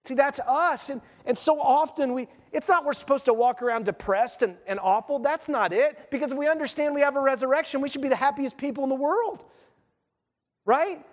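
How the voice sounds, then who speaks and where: A male pastor preaching a sermon in an animated, conversational way, firing off rhetorical questions and acting out the story. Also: extremely high pitch, fairly quick. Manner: acts out story voices. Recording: long reverb in a church hall.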